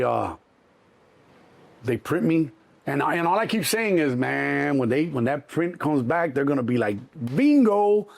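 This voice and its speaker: A middle-aged man with a Chicago accent, telling a story in an interview, animated and swearing freely, acting out the other voices. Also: medium pitch, gravelly. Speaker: interview guest. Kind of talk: casual storytelling.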